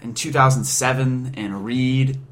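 Casual podcast host, male, rambling movie recap, quick laughs, plain mid voice. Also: medium pitch, fairly even intonation, a bit bright. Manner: rambling, laughs often, acts out quotes in his own voice.

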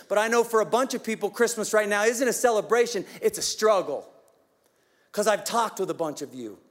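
His voice sitting high, a pastor tells a story during a Christmas sermon, moving from lively animation down to hushed tenderness.

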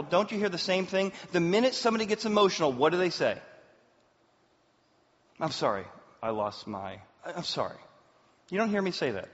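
A man in his forties, a pastor preaching a sermon as an animated storyteller, with big swings in pitch and loudness. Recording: roomy hall, dull sound.

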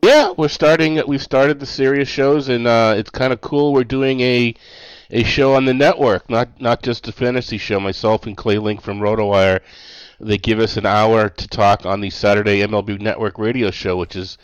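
A man interviewed as a guest analyst, talking in a relaxed way with frequent restarts. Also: mid-range voice, moderate pace, clear, resonant tone, dry recording, highs cut off. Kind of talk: casual interview.

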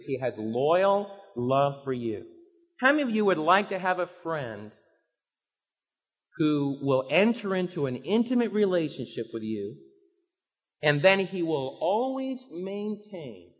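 A man preaching a sermon, emphatic, swinging between loud urging and quiet pleading. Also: fairly high pitch. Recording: reverberant hall, dull lo-fi sound.

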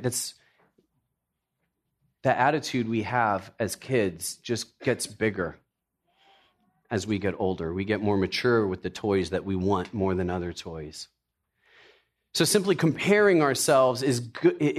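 A middle-aged man preaching a sermon, telling personal stories with jokey asides in an animated way. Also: mid-range voice, moderate pace. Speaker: pastor.

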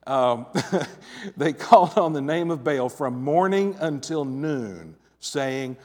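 A man preaching a sermon with scripture reading, dramatic, swinging from loud emphasis to quiet asides with wry humor. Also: medium pitch, expressive, slow pace. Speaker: pastor. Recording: long reverb of a large hall.

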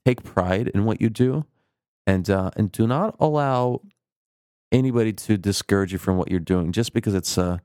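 A man's voice: lowish voice, normal speed, warm tone, no echo, clean studio sound. A man as a guest on a casual podcast, telling rambling anecdotes with lots of fillers.

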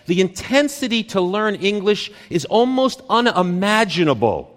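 A man delivers a conference talk in a high, lively voice that rises and falls with every phrase. He speaks slowly in short, punchy lines, and the long reverb of a big hall trails each word. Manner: deliberate, dramatic short phrases with pauses. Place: stage in a large hall.

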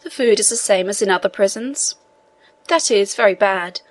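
A woman's voice: mid-range voice, moderate pace, no echo, natural voice. A woman reading the lines of an elderly male prisoner priest who talks in an earnest, pressing way. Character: elderly male imprisoned priest, eager scholar.

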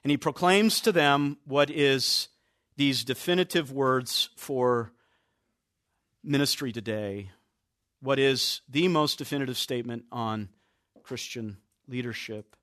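A man preaching a sermon as pastor, stressing key words with slow, drawn-out emphasis. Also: mid-range voice, a bit bright, no echo, studio quality.

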